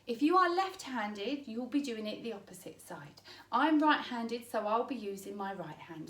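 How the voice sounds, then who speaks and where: A fairly high-voiced woman walks parents through everyday signs, patiently spelling out each hand shape and pausing with "okay?" to check they follow. She sounds set back from the mic in an echoey room. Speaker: sign language teacher. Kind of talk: instructional demonstration for parents. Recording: roomy echo, mic at a distance.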